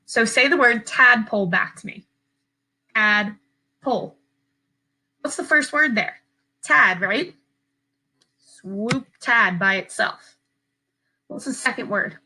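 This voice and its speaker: A woman teacher giving a slow, patient, step-by-step phonics lesson to young children from home. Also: a little high, pushed and bright, a little hiss or hum, rough recording.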